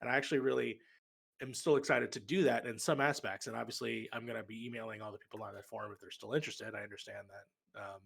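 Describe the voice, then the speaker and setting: A man's voice: fairly low pitch, fairly even intonation, quick pace, gravelly, a bit bright, breathy edge. A man talking as a podcast guest in casual chat, rambling and correcting himself as he goes.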